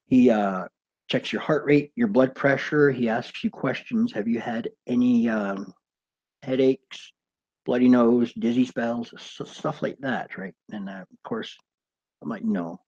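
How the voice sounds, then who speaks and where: A man's voice: medium pitch, measured pace, darkish tone, husky, dull audio. A man who used to box, hosting and telling a casual, rambling story with lots of fillers and swearing. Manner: rambling, with many fillers and restarts, swears freely. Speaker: host, former pro boxer.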